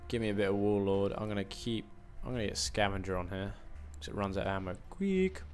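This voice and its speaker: A man's voice: on the low side, a little fast, a little mellow, faint music behind. Rambling young man with a put-on American accent. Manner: rambling, self-mocking, fillers and asides. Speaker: gaming commentator. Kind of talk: live game commentary.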